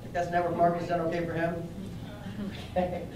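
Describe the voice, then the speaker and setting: A young adult man giving a lively motivational training talk to a live group, telling stories and putting questions to the audience. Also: fairly high pitch, fairly quick, muffled recording, background noise. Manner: energetic, storytelling, asks the audience questions. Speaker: network marketing trainer. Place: training room before an audience. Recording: very echoey room, mic at a distance.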